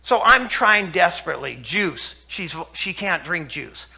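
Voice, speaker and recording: A man's voice: high voice, big pitch swings, a little slow, creaky, pushed and bright, breathy edge. A middle-aged man giving a health talk, telling patient stories and quoting scripture with urgent emphasis. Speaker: health speaker.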